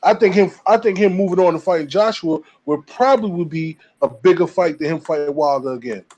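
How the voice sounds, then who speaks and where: Calling in over a remote line to a casual boxing debate, a man gives his take with many fillers and restarts, hesitant and repeating himself. His voice is fairly high and brisk, with a darkish tone and lo-fi sound.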